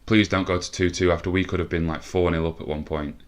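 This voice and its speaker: This gaming video host's let's play has him running through his football management game in a fast, flat, low-voiced delivery. Annoyed, he curses and reasons aloud as he plays.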